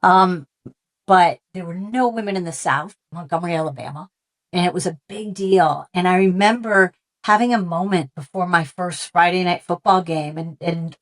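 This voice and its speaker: A woman's voice: lowish voice, normal speed. A middle-aged woman, a sports reporter, telling stories as a guest in a casual conversation. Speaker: NFL sideline reporter, guest.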